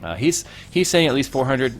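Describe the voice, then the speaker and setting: A man's voice: mid-range voice, sing-song, moderate pace, soft background music. A man hosting a casual tech live stream, chatty and rambling, who reads viewers' comments aloud. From Massachusetts, United States.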